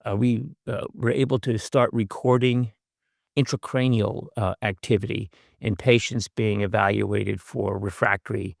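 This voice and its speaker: A man's voice: on the low side, fairly even intonation, measured pace, gravelly, no echo, studio quality. An older man and professor giving a conversational lecture over a video call, with wry asides and frequent fillers. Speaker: guest speaker, professor.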